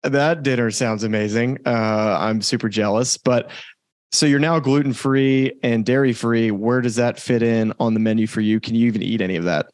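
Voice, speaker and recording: A man in his thirties hosts a podcast, steering his guest with easygoing questions and frequent chuckles. His voice sits at a middle pitch. The recording is close and dry. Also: steady tone, normal speed, a little mellow, no echo. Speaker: podcast host. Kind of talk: casual interview chat.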